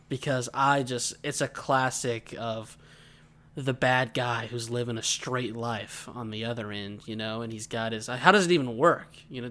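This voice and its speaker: A man co-hosting a casual podcast, telling a family story in a lively way and laughing as he goes. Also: medium pitch. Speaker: podcast co-host. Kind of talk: casual chat.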